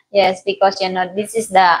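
A woman's voice: mid-range voice, a little hiss or hum, low-quality recording. A Filipino woman hosting a casual livestream, chatting, laughing often and greeting viewers by name. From Philippines. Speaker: livestream host. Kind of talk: casual livestream chat reading viewer comments.

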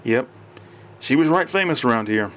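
A man's voice: mid-range voice, animated, moderate pace, a bit bright, close to an everyday voice. A man doing a folksy small-town police chief. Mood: dry.

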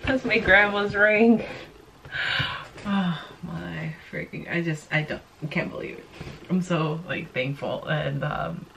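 A young woman in her twenties talks to her camera in a slow, gravelly-edged voice with plenty of vocal fry. She is emotional and close to tears, gushing and giggling between her words. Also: on the low side, a bit bright, a little hiss or hum. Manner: gushing, giggly, breaks into laughter often. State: teary and emotional. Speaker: vlogger. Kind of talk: casual emotional vlog to camera.

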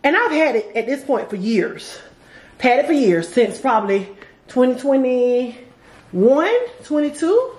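Woman in her 40s vlogging, chatty, kinda high voice. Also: big pitch swings, moderate pace, reverberant. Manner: chatty, thinking out loud. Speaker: vlogger and video call host. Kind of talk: casual vlog chat.

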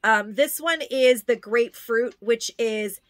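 A woman's voice: on the high side, slow pace, fairly bright tone, dry recording. A woman chatting casually through a product haul, gushing and repeating words for emphasis. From New York. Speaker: haul vlogger.

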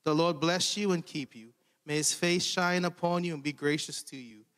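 A man leading a dedication prayer for families in church, in a steady, earnest cadence. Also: a little high, moderate pace, smooth. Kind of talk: spoken prayer. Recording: reverberant church hall.

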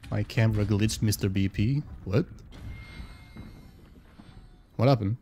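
A man streaming a game live, chatting casually with viewers, excitable and swearing freely. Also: on the low side, a little fast, dull audio, slight background noise.

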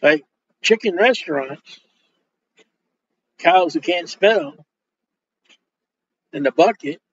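A high-voiced male preacher tells jokes through his sermon and acts out the lines of people in his stories. The recording is dull and lo-fi. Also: takes it slowly, a little hiss or hum. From Polish Roman Catholic upbringing. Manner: joking, animated, acts out quoted dialogue. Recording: dull lo-fi sound.

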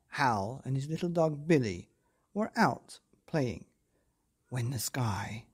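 A man reading a children's picture book aloud as a bedtime story host, gentle and expressive, with whispers and sound effects. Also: on the high side.

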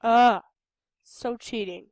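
A tired, slightly sick young woman from Idaho, speaking with a Western American accent, hosts a game video and rambles through easygoing commentary, replying to the characters on screen. Her voice is fairly high and she takes her time. The recording is studio quality with no echo.

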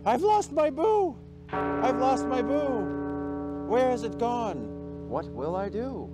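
A man's voice: sits high, big pitch swings, slow pace, loud music behind the voice, heavily acted. A man voicing a scared little girl ghost in a storybook, pleading and breathless as she searches. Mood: worried.

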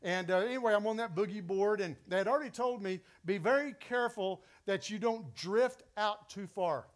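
A middle-aged man with a West Texas accent, preaching a sermon through an animated personal story that builds to emphatic peaks. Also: high voice, normal speed. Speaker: pastor.

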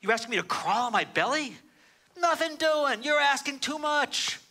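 Man putting on a brash high-pitched gangster. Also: lively intonation, normal speed, exaggerated voice. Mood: defiant. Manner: brash, incredulous, shouting. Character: defiant tough-guy gangster facing execution.

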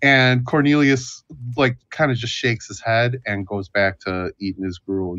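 A man's voice: medium pitch, steady tone, fairly bright tone. A man narrates a tabletop game as its game master, stopping and restarting his phrases often. The sound is a touch dull and lo-fi. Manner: halting, many restarts and fillers. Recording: dull lo-fi audio.

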